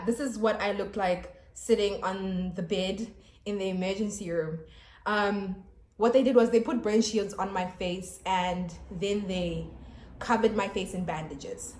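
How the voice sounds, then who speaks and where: A young woman with a South African accent, telling viewers a painful personal story in an animated, emotional way and often calling them "guys". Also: mid-range voice, reverberant, poor audio. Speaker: YouTuber. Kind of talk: storytime vlog. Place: home by a busy road.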